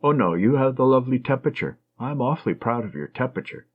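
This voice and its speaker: A man reading an audiobook, voicing a teasing, affectionate young woman nurse in a husky, slightly raised voice that swings lively up and down, on a dull lo-fi recording. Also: medium pitch, fast. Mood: tender.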